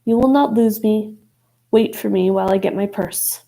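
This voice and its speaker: A woman's voice: mid-range voice, normal speed, vocal fry, warm tone, natural voice. A woman doing a proud Italian mother. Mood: defiant.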